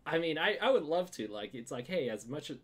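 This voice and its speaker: A man hosting a casual podcast, animated and laughing a lot, often restarting words and saying "like". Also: a little high, a little fast, husky. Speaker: podcast host. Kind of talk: casual chat.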